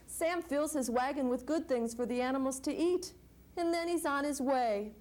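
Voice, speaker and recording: Brief: high-voiced woman librarian, animated story-hour reader, faint hiss. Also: normal speed. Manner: warm, animated and coaxing with small children. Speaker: children's librarian.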